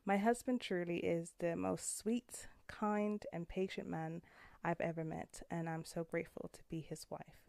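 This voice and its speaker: A woman in her thirties talks earnestly into her podcast mic from a room at home, her voice low, warm and gravelly with fry. The sound is dry and close, with no room echo. She speaks with open feeling that at times turns emotional. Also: fairly even intonation, a little slow. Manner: heartfelt and earnest, gets emotional. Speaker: podcast host. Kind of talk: personal podcast monologue.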